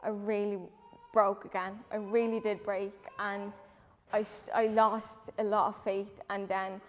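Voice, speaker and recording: A nervous woman close to tears tells her personal testimony in church, halting and full of "um" and "like". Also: mid-range voice, little pitch movement. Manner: halting, lots of "um" and "like". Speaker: church member giving testimony. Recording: reverberant church hall.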